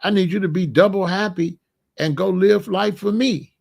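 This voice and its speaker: Gravelly-voiced man giving casual advice. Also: high-pitched, moderate pace. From Chicago area. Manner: animated, conversational, repeats and restarts. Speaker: vegan lifestyle host.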